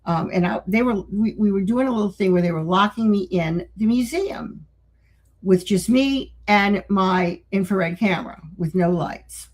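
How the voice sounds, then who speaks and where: A middle-aged woman co-hosting a paranormal talk show, telling a story in a casual, animated way and laughing often. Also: medium pitch, moderate pace, rough recording. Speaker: podcast co-host.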